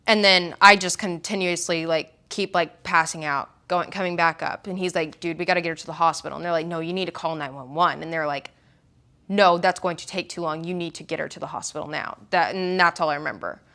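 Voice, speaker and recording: A woman's voice: on the low side, steady tone, a little fast, pushed and bright. A young woman from Oklahoma telling her story in an interview, rambling and full of "like" and quoted dialogue.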